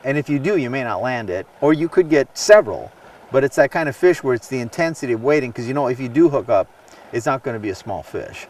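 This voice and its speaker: A man's voice: medium pitch, expressive, fast, darkish tone, distant mic, a little hiss or hum. A man hosting a fishing show, chatting enthusiastically on a river boat and rambling with many restarts. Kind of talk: casual on-the-water chat.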